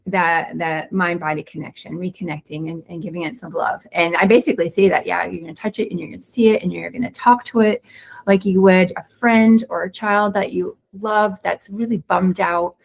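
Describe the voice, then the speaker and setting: Woman with a gravelly voice explaining pelvic health. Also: on the low side. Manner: fast, excited talker with frequent restarts. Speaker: pelvic floor physical therapist. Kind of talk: webinar presentation, casual explanation.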